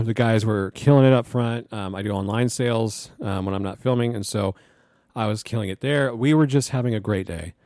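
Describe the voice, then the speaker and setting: A young man casually telling a personal story to the camera, animated, swearing and laughing as he goes. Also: lowish voice, dry recording, studio quality.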